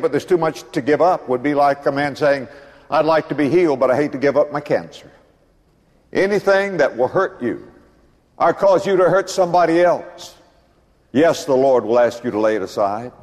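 Older male pastor, sermon, lively swooping pitch, slightly raised voice, long echo of a church hall. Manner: dramatic preaching, swings between booming and hushed. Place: church building.

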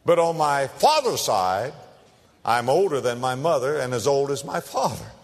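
A calm, witty twelve-year-old boy, as a preacher briefly puts him on answers a question in a gentle, matter-of-fact way. His voice rises and falls in lively swings. A long reverb trails after each phrase. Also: medium pitch, normal speed.

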